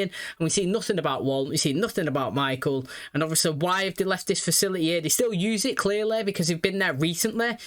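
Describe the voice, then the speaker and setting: A man's voice: high voice, fairly bright tone. A young man hosting a reaction video, chatty and rambling. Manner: rambling, chatty, repeats "you know what I mean". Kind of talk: casual commentary.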